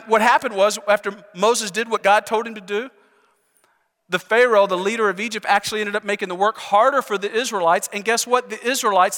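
A man's voice: high-pitched, pushed and bright. A man pastor preaching a sermon in an earnest, conversational way with rhetorical questions, in a church sanctuary. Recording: long reverb in large hall.

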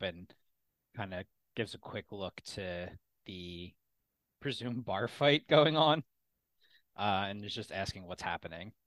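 A man's voice: fairly low pitch, fairly bright tone, no room sound. A man playing a tabletop game, casually describing his character's actions. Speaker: player. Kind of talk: tabletop role-play.

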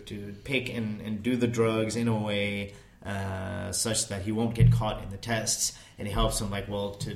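Man telling a rambling story. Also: fairly low pitch. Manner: rambling storyteller who swears casually. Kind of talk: casual conversation, recounting a documentary.

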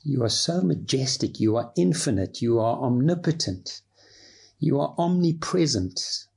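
Husky preacher. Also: male voice, medium pitch, unhurried. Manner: expressive reading, drops into casual asides. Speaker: pastor. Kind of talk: sermon.

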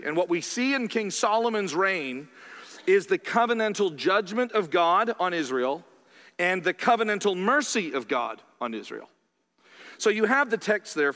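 A male pastor preaching a sermon in a church, conversational and animated, with quick asides to the congregation. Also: high-pitched. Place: church sanctuary. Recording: reverberant church hall.

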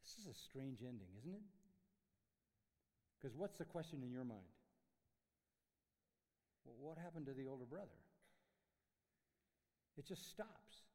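A man preaching a sermon in a university chapel, emphatic, swinging from loud declarations to hushed lines. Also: mid-range voice, sing-song, unhurried, pauses often, long reverb tail. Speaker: pastor.

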